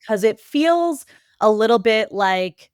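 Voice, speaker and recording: A woman with a New England accent talking casually as a podcast guest, quick and lively with many fillers and restarts. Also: on the high side, clear, resonant tone, no echo, clean studio sound. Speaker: podcast guest, marketing executive. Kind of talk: casual interview talk.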